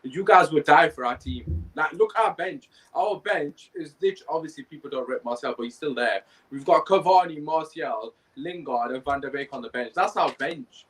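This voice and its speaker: A man's voice: a little high, normal speed, hardly any pauses, a bit bright, low-quality recording. A man hosting a football podcast, talking in a blunt, emphatic and exasperated way. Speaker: podcast host. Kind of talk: casual chat, football debate.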